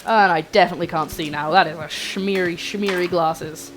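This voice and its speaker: A young woman chatting to her viewers while cooking on a livestream in her home kitchen, excitable and a little flustered. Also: lowish voice, moderate pace, a little hiss or hum, low-quality recording. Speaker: streamer. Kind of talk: casual cooking livestream chat.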